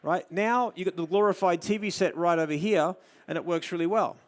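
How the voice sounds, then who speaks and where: Australian male presenter, fairly high voice, live photo demo, drops to soft murmurs when directing the model. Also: a little fast. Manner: coaxing a model with soft murmured praise between explanations. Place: studio demo before an audience.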